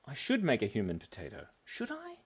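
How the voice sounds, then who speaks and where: A man's voice: medium pitch, breathy edge. A man hosting a live drawing class for kids, talking playfully while he draws and making goofy wordplay.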